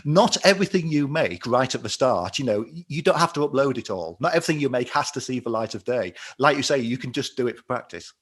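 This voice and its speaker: A man hosting an interview, asking thoughtful questions in a relaxed conversational way. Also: medium pitch, fast talker, hardly any pauses, husky. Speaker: interview host. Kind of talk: casual interview chat.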